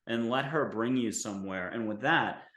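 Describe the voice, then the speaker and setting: A man's voice: mid-range voice, moderate pace, fairly bright tone. Man hosting, roomy echoey sound. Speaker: show host. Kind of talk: interview talk show. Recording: roomy echo.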